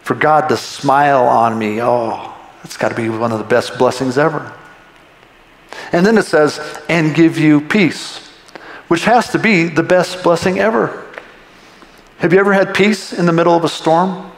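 A man's voice: on the high side, a little slow. A man preaching a sermon as pastor, talking conversationally and asking the congregation rhetorical questions. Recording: echoey hall with long reverb.

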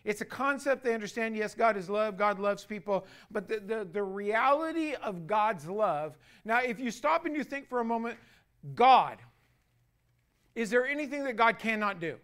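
A man with a fairly high voice preaches a sermon to his congregation, his volume rising and falling as he leans hard on key phrases. He stretches out important words slowly and has the people repeat lines back to him. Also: fairly bright tone. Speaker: pastor.

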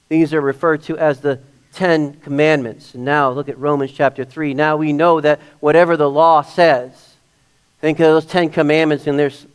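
A man delivering a sermon as pastor, his voice sitting somewhat high for a man. He builds to loud, emphatic points and then drops into soft, almost muttered asides. He stumbles now and then as he reads scripture aloud.

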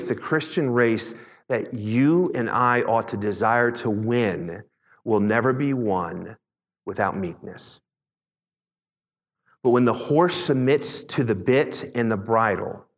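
A man preaching a sermon as pastor, emphatic, slowing on key words and asking the congregation questions. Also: fairly low pitch. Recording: long reverb in a large hall.

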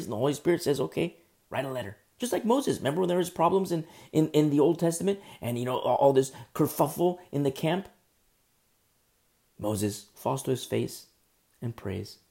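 This man's medium-pitched, gravelly voice carries a sermon in which scripture becomes a lively story told conversationally, sprinkled with asides to those listening.

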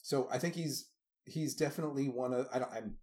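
A man co-hosting a casual movie chat, animated and slipping into mock voices when he quotes scenes. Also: medium pitch, brisk. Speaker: podcast co-host.

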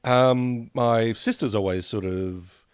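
A man's voice: medium pitch, slow pace, clear, resonant tone, dry recording. Rambling man on a dry mic. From Australia. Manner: meandering, reminiscing, laughs often. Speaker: podcast co-host. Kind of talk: casual chat.

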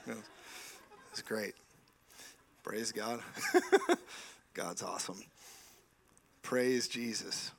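A man's voice: mid-range voice, creaky, fairly bright tone. Enthusiastic man preaching in church. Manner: enthusiastic, laughing asides, frequent praise interjections. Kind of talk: lively sermon with stories. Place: church sanctuary.

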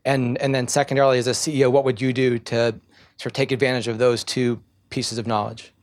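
A man in the audience is losing his voice a little. He is friendly and jokes, then works his way through a long question with halting phrasing. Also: mid-range voice, level tone. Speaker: audience member asking a question.

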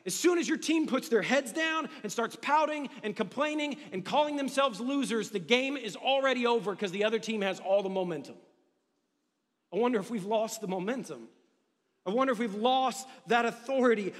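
Pastor guy w a really high voice preaching energetic n joking, echoey big hall. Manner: energetic conversational preaching with humor. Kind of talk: sermon. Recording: long reverb of a large hall.

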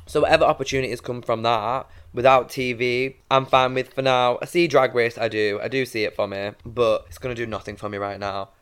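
A man's voice: medium pitch, fairly even intonation, a little fast, few pauses, a bit bright, clear, resonant tone. A young man, a drag performer chatting as a podcast guest, gushing and slangy. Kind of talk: casual chat. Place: podcast studio.

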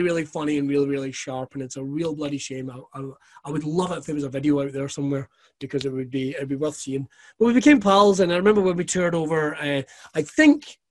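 A man telling stories as a guest, his voice sitting a little high. He swears freely and throws himself into his anecdotes, laughing along the way. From Scotland. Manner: profane, animated anecdotes with laughter. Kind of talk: casual storytelling.

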